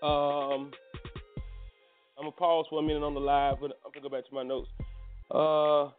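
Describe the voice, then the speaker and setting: A man's voice: fairly high pitch, completely flat delivery, moderate pace, soft background music. A man hosting a casual live morning show, joking and running loosely through the news. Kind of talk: casual live radio chat. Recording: tinny phone-like line.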